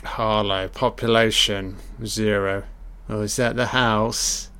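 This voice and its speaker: Man, film watch-along commentator, slow and unhurried, blunt, sarcastic, very sweary. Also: lowish voice, steady tone, sharp tone, clear, resonant tone. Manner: dry running critique.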